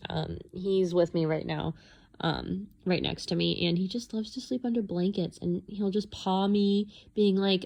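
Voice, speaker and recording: A young woman talking casually through her journal pages, rambling and self-deprecating, with many filler words, and acting out her own thoughts in a higher voice. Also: moderate pace, creaky, a little mellow. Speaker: vlogger.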